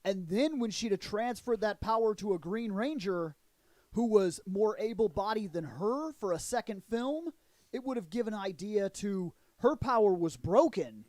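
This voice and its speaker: A man with a high voice chats loosely on a podcast, swearing freely and rambling through his points. The sound is dry and close, with no room around it. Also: expressive, normal speed, a little mellow, no room sound. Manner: profane, rambling, laughs often. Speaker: podcast co-host. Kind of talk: casual chat.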